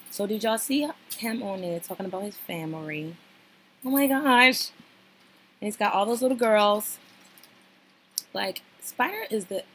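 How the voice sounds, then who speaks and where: A woman talking casually to her listeners, gushing and rambling with plenty of fillers. Her voice sits at an ordinary middle pitch. A faint hiss of background noise runs under the recording. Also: poor audio. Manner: chatty and gushing, lots of fillers. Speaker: podcast host reacting to a reality show. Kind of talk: casual chat.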